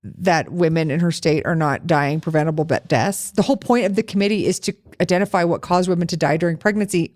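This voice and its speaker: A woman's voice: on the low side, darkish tone. A woman co-hosting a podcast in casual chat, sarcastic and profane, telling stories with animation. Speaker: podcast co-host.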